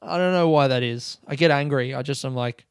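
A man's voice: mid-range voice, fairly quick, clear, resonant tone, dry recording, studio quality. A man hosting a podcast, telling stories in a casual, sweary way and often laughing at himself. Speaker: podcast host. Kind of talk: casual storytelling chat.

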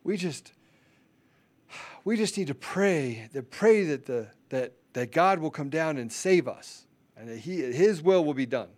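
A man putting on the voice of a soft, syrupy preacher to mock pastors. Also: high voice. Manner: sugary, slow, soothing preaching. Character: mock pious male pastor, soft and soothing.

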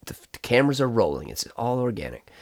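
A man's voice: mid-range voice, big pitch swings, fast. A man hosting and narrating an improvised comedy scenario, rambling with many fillers and swearing. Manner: rambling, profane, lots of fillers. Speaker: host running an improvised scenario.

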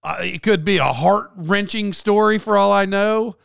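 A man delivers a rambling, sarcastic comic rant and keeps cutting himself off to start over. His voice sits a little high. The sound is close and dry, with no room echo. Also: moderate pace, creaky, clear, resonant tone. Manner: sarcastic, self-interrupting, stumbling restarts. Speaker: comedic commentator.

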